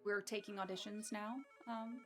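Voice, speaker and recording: Over music, a woman hosting a charity speedrun stream chats casually at a normal speed, her mid-range voice level in tone. She's bubbly and playful, giggling often.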